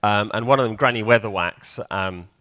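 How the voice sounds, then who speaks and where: A man's voice: on the low side, moderate pace, sharp tone, no echo, studio quality. Chatty man quizzing a conference audience. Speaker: conference speaker. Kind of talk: conference talk. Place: conference hall.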